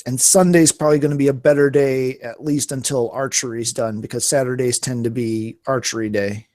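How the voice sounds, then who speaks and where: A man's voice: mid-range voice, steady tone, a little fast, a little mellow. Hesitant man on a casual podcast call. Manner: hesitant, restarts sentences. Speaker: podcast co-host. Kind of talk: casual chat.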